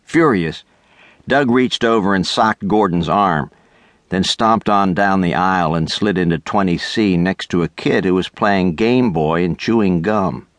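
A middle-aged man narrating a children's audiobook with lively, expressive storytelling on a close studio mic. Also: sits low, a little slow, no room sound. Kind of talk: scripted narration.

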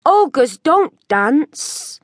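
A lonely male ogre from a children's storybook drags out each word in simple, broken grammar, as a woman narrator puts him on. He sounds oddly altered and very slow. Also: high voice, very animated, no room sound, studio quality, full character voice. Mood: plaintive, hopeful. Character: lonely, simple-minded male ogre who dreams of dancing.

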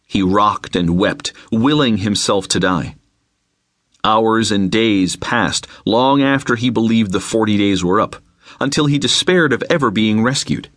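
A man reading an unabridged novel aloud, with measured, dramatic storytelling into a close mic. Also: fairly low pitch, fairly bright tone, dry recording. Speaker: audiobook narrator. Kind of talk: scripted narration.

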